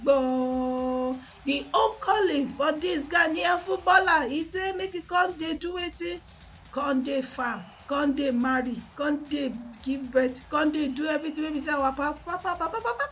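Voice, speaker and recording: High-voiced Nigerian Pidgin radio hostess. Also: female voice. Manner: mixes Pidgin, English and Yoruba, chanting and hyping. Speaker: radio sports show host. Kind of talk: lively radio show banter. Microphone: studio mic.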